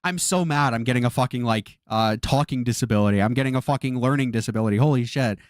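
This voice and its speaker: A man's voice: medium pitch, fast talker, dry recording, studio quality. A man streaming a reaction, exasperated, swearing often and repeating himself. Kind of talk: live-stream reaction commentary.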